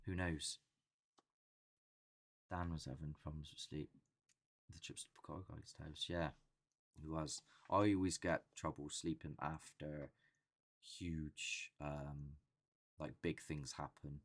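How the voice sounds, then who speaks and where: A man's voice: extremely low pitch, flat delivery, slow, long pauses. A young man hosting a casual live chat, rambling and chatty, often acting out what people say. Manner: rambling, chatty, acts out quotes. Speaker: host of a paranormal channel.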